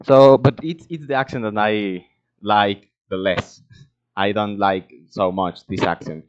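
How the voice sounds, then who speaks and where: A man, a language learner talking casually in English, halting and hesitant as he searches for words. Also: lowish voice, clean tone. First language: Spanish. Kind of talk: casual monologue practicing English. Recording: dull lo-fi recording.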